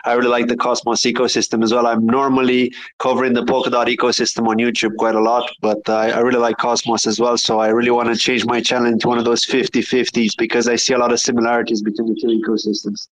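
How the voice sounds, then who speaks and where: Man, guest, friendly, earnest, fast speech, flat tone. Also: medium pitch, poor audio. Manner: friendly, earnest, quick explanations. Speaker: crypto YouTuber guest. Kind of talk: casual chat.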